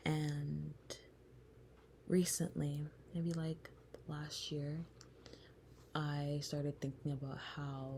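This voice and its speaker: A woman hosting a podcast, telling a personal story in a soft, slow, reflective way that often turns breathy. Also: low-pitched, slight background noise. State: close to tears. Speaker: podcast host.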